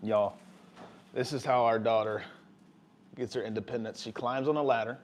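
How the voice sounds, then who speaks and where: A young man with a drawl cooks at home and keeps up an easy, chatty commentary for his viewers. His voice sits at a middling pitch. A faint hum of kitchen noise runs underneath. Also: normal speed, low-quality recording. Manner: relaxed, chatty, talks to viewers while cooking. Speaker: family vlogger cooking. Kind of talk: casual cooking vlog chat.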